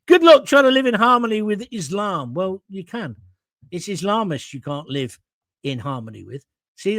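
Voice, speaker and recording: A man's voice: high voice, dry recording. A man hosting a talk show, ranting bluntly and sarcastically about politics and answering viewer comments.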